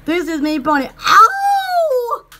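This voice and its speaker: A woman with a Southern US accent hosting a casual live stream for her online shop, giggly and excitable, rambling with lots of fillers. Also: very high-pitched, unhurried, very noisy. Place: home in the woods.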